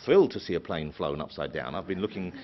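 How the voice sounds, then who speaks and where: Brief: male interviewer, low voice, fast and lively delivery, dull lo-fi event audio. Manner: quick, playful questions with laughter. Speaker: interviewer host. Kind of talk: onstage conversation. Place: film institute stage before an audience.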